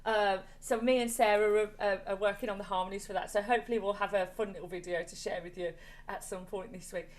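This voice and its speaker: A woman leading an online choir warm-up from home over a video call, chatty and encouraging, coaxing the group along with repeated praise. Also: mid-range voice. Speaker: choir leader. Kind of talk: online singing warm-up class.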